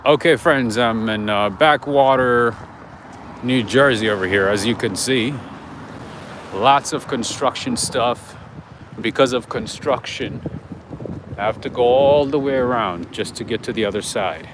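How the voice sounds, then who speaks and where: Walking city streets near a waterfront, a man hosts an unscripted livestream tour, chatting casually to his viewers and often whispering. His mid-range voice is a little slow. The mobile stream clearly picks up street noise and traffic.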